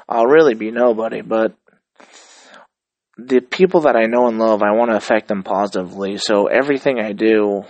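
A man's voice: lowish voice, no room sound, low-quality recording. A man in his thirties hosting his own show, talking in a loose, rambling monologue with casual swearing and reflective, upbeat musings. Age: 30s. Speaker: host.

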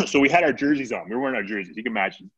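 A man telling a long anecdote in casual conversation, animated, slipping into quoted voices of the people in it. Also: mid-range voice, racing, slightly rough, dull audio. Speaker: podcast guest. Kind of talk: casual storytelling.

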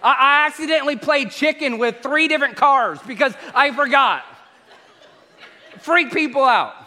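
A man preaching a sermon, an animated storyteller who acts out the exchanges he describes. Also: very high voice, normal speed, a faint crowd. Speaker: pastor. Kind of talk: sermon with humorous travel stories. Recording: echoey hall reverb.

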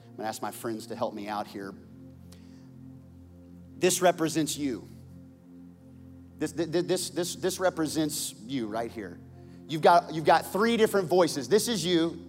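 A man preaching a sermon as pastor, moving from loud calls to the crowd to hushed, intense passages, in a large church auditorium. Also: on the high side, sing-song, measured pace, long pauses, in a large hall, soft background music.

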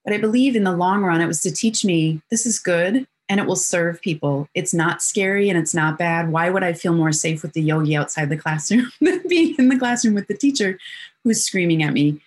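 A middle-aged woman with a somewhat low voice talks as an interview guest. She recounts personal stories openly and vividly, and she briefly plays the other people in them as she goes. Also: fairly quick. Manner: animated storyteller who acts out quotes.

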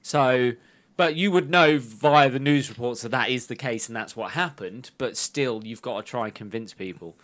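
A man's voice: medium pitch, moderate pace, fairly bright tone. A man, co-hosting a casual podcast, joking crudely and laughing often. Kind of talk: casual banter.

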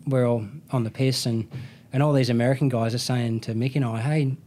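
A man's voice: mid-range voice, flat delivery, brisk, a little mellow, slight background noise. An Australian man in his thirties, a motorcycle racer telling a rambling story in casual chat, full of slang and restarts. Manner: rambling, self-correcting anecdote with slang.

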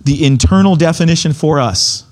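Male preacher, slightly high voice, casual, insistent Bible teaching. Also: normal speed. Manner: emphatic, keeps checking in with "okay?"; repeats key points, restarts phrases.

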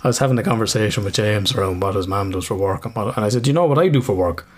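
A man's voice: lowish voice, animated, very fast. A man in his thirties, a psychotherapist co-hosting a podcast, rambling casually with swearing and laughter. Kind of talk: casual chat.

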